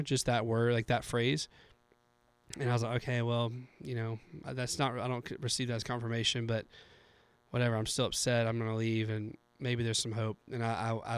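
A man's voice: mid-range voice, smooth, dry recording. Young male podcast co-host, earnest and rambling, clean close sound. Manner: earnest, filler-heavy storytelling. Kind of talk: casual faith conversation.

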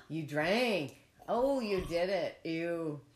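A woman in her forties chatting casually on a podcast, excitable and swearing freely. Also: on the low side, drawn-out words. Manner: excitable, swears freely, sing-song chanting. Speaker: guest. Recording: echoey room with faint noise.

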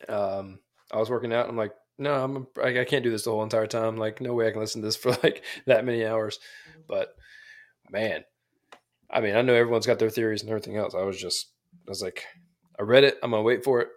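A man co-hosting a casual podcast, chatting in a relaxed, rambling way about shows and trailers. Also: fairly low pitch, fast talker. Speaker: podcast co-host.

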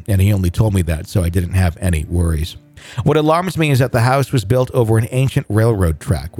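A man reading a listener's ghost story aloud in a measured, steady way, then chatting about it as host. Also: lowish voice, no echo. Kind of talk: read-aloud narration and casual chat.

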